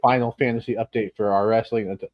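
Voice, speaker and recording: A man's voice: fairly low pitch, steady tone, quick pace, a little hiss or hum. Rambling male podcast host, lo-fi. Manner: rambling, self-correcting, laughs at himself. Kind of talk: casual podcast chat. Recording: dull lo-fi sound.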